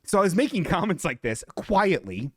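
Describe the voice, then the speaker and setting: A man's voice: high voice, very animated, moderate pace, slightly rough, no echo, studio quality. A man hosting a podcast, telling a comedic story with sarcastic, self-mocking humor. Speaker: podcast host.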